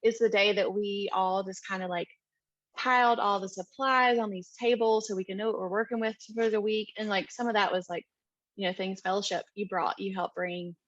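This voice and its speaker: A woman on a mission team telling a story in an interview, chatty and animated, with many ums and likes. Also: medium pitch, moderate pace, dry recording, dull audio. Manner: chatty, full of "um" and "like", animated retelling. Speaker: mission trip team member.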